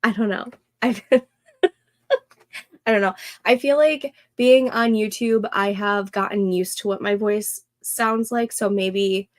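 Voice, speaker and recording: A young woman hosting a casual co-working livestream, thinking aloud and reading chat comments in a soft, soothing voice. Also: medium pitch, fairly even intonation, slow pace, no echo. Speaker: livestream host.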